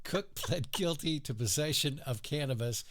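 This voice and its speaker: A man's voice: on the high side, expressive, moderate pace, noisy background. A man co-hosting a podcast, chatting casually and reading odd news stories aloud in a laid-back way, chuckling often. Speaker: podcast co-host.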